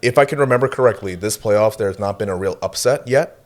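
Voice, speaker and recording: A man's voice: on the low side, fast. A young man co-hosting a podcast, chatting casually about football with frequent fillers and easy laughs. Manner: relaxed, laughs often, hedges with fillers. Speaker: podcast co-host. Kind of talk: casual sports chat.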